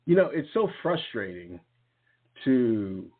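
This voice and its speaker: A man's voice: medium pitch, big pitch swings, slow pace, husky. A male talk show host giving a fiery, mocking monologue and repeating phrases for emphasis. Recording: tinny phone-like sound.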